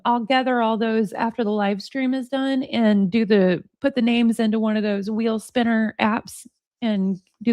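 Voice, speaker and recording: A woman's voice: on the high side, a little mellow, no echo, studio quality. A woman hosting a livestream, reading a book aloud expressively, with chatty asides to her viewers. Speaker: livestream host. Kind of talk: book reading with casual chat.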